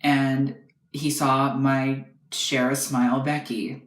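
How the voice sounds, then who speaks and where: A young man reviewing dolls in a casual, rambling way, hesitating often and filling pauses with fillers. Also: mid-range voice, little pitch movement. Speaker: doll reviewer. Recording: echoey room.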